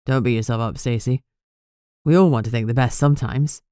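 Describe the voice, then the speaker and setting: Woman doing a rough-voiced protective lover. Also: a bass voice, brisk, warm tone, no room sound, studio quality, pitched below the performer's own voice. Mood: reassuring. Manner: urgent, soothing.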